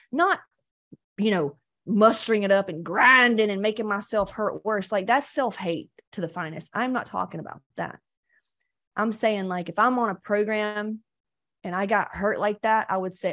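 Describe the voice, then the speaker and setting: A woman coaching on weight loss in a blunt, profane, animated motivational talk. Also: mid-range voice, normal speed.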